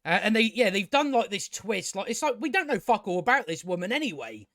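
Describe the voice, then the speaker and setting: A man's voice: sits high, sing-song, fairly quick, fairly bright tone, no room sound, clean studio sound. A man giving a casual spoken TV review, ranting sarcastically with lots of swearing and filler words. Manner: sarcastic, sweary, rambling rant with many fillers. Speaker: TV show reviewer.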